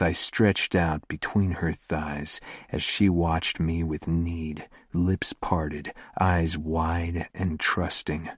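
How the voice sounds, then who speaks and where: A man narrating a first-person romance audiobook in a slow, hushed, intimate delivery. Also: low-pitched, no echo, clean studio sound.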